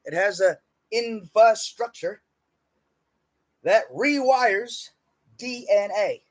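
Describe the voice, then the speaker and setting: A man delivering a profane, emphatic motivational rant about diet and spirituality, swinging between loud bursts and muttered asides. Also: sits high, lively intonation, slow. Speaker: self-help speaker.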